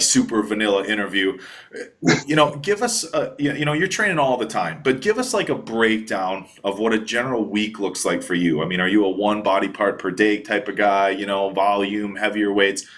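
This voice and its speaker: Low-voiced man hosting an interview. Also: a bit bright. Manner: friendly, meandering questions with fillers. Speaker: interviewer, host. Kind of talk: casual interview.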